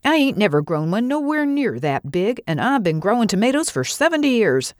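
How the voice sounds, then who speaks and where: A woman reading the lines of a gruff, complaining 84-year-old male farmer in a story. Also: mid-range voice, very animated, brisk, darkish tone, no echo, studio quality, voice pushed up, lightly acted. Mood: gruff grumbling.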